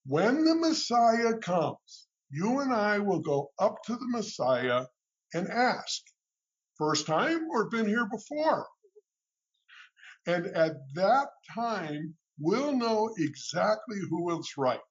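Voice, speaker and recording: A grave old statesman, his pitch pushed well above the speaker's own, stretching out his words with earnest weight, as a man puts him on in a story. The sound is a touch dull, like a muffled radio recording. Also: very animated, slightly rough, full character voice. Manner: high, emphatic, drawn-out impression.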